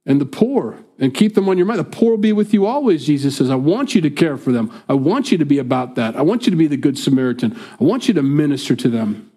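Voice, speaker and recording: A man's voice: medium pitch, animated, quick pace, dark tone, slightly rough. A man from the United States preaching a sermon in a conversational way, often acting out what others might say. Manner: conversational, acts out quoted speakers. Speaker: pastor.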